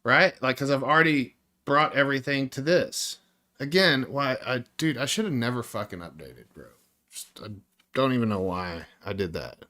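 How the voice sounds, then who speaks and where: A man's voice: medium pitch, normal speed, bright, forceful tone. A man developing a game on a live stream, thinking aloud through his code, frustrated and swearing constantly while he talks to viewers.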